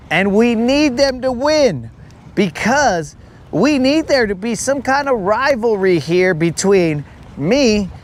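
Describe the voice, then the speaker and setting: A man hosting a live fishing stream from a boat, chatting casually with his viewers and teasing them by name. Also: sits high. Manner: joking, talks to viewers by name, drawn-out asides. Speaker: fishing livestream host. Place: on a boat on a lake outdoors.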